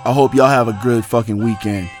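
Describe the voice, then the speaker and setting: A man's voice: fairly even intonation, a little fast, soft background music. A young man hosting a casual podcast, ranting in a rambling, profane way. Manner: profane, rambling, jumpy pitch. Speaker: podcast host. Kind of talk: casual rant monologue.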